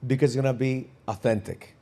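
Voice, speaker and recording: A man's voice: medium pitch, fairly even intonation, fairly quick, warm tone. A man hosting a podcast, talking energetically and emphatically, often repeating words. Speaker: podcast host. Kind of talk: conversational interview.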